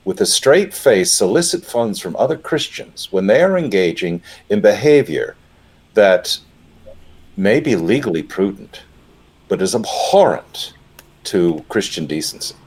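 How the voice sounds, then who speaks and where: A man's voice: fairly low pitch, big pitch swings, measured pace, darkish tone, husky. A man giving impassioned commentary, indignant and emphatic. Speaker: panelist.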